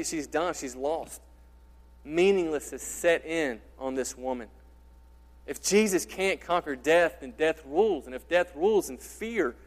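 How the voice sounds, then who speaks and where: A man pastor preaching an impassioned sermon, repeating rhetorical questions and swinging from loud to quiet. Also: on the high side. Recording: reverberant hall.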